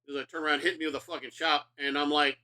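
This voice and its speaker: A middle-aged man doing casual gameplay commentary, rambling and profane with a self-mocking streak. His voice is slightly high, with a very bright, forceful edge. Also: flat delivery, racing.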